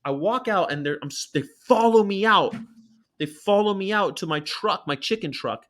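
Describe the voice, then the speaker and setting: An American man hosting a casual chat, telling a story in an animated way, acting out quotes and swearing freely. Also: high-pitched, moderate pace. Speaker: podcast host.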